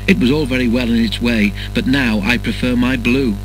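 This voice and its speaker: A proud, pompous big express engine who thinks himself most important, as a male reader plays him. The voice is mid-pitched, with faint music behind the storybook narration. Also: fairly even intonation, moderate pace, natural voice, low-quality recording. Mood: boastful.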